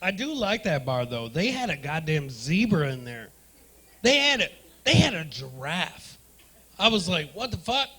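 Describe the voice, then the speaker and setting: A man works a club crowd as a stand-up comic, loud and profane. His voice sits high for a man and has a bright, sharp edge. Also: big pitch swings, measured pace, breathy edge. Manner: loud, profane, riffing with the audience. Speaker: stand-up comedian hosting the night. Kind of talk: stand-up comedy with crowd work. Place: comedy club stage.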